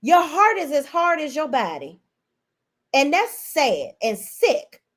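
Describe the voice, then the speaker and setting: A young adult woman giving a blunt, profane, animated rant as host of a reality TV recap. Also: high-pitched, slow pace. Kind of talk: casual ranting commentary.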